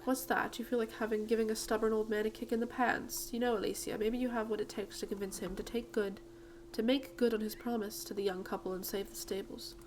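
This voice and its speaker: A woman's voice: a little high, level tone, brisk, slight background noise, close to an everyday voice, low-quality recording. A woman voicing a kindly, chatty lady in a game with a put-on British accent. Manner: gentle and chatty. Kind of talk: reading game dialogue aloud.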